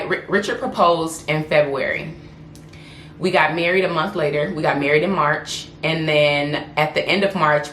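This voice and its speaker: A low-pitched woman shares her story candidly and with feeling, restarting her sentences as she goes. She is recorded in an echoey room. A faint ambient hum sits behind her. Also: fairly bright tone. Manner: candid, emotional, restarts often. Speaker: lifestyle blogger and influencer. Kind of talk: personal vlog storytelling.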